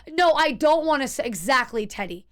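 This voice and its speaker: High-voiced woman streamer telling a story. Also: normal speed. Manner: animated, tense retelling with many restarts and "like". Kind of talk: casual storytelling to chat.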